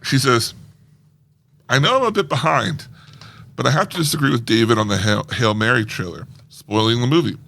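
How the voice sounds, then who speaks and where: Lively gravelly man reading emails. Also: mid-range voice, fairly quick. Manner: reads listener emails aloud, playful. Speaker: podcast co-host. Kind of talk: casual chat.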